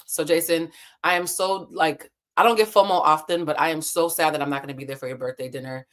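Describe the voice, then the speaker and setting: Woman host in her thirties, low-pitched, candid and animated, swears, casual live chat from a hotel room. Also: a little fast. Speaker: livestream host.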